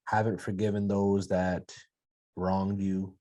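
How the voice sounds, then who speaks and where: Male co-host, low-pitched, relaxed and playful, salty language. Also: slow pace. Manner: laid-back, swears freely, playful. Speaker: podcast co-host. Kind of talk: casual chat.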